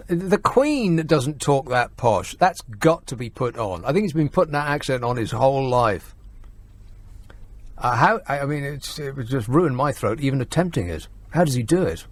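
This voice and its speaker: A man's voice: medium pitch, expressive, moderate pace. A man hosting a talk radio phone-in, sardonic and mocking, laughing often.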